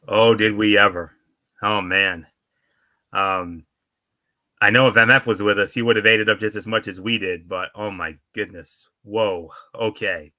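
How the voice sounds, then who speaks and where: Emphatic man with a bright voice. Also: lowish voice, steady tone, a little slow. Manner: enthusiastic, emphatic. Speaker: podcast host. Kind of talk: reading a wrestling recap and reacting.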